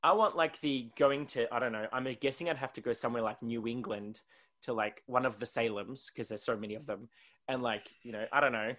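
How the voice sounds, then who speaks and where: A man's voice: mid-range voice, a little fast, fairly bright tone. An Australian man co-hosting a podcast, chatting casually in a rambling way full of "like" and frequent laughter. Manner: rambling, heavy use of "like", laughs often. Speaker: podcast co-host.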